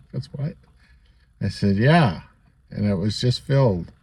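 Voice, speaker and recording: A man's voice: on the low side, lively intonation, extremely slow, mellow, breathy edge. A man casually telling a personal story to camera, rambling and chatty, with many asides and small laughs. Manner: rambling, chatty, peppered with "you know" and little laughs. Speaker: vlogger.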